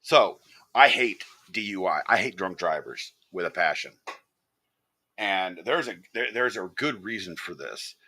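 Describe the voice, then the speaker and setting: A man's voice: low voice, measured pace, breathy edge. A man streaming a live reaction video, ranting angrily with lots of profanity. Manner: angry, profane, animated ranting.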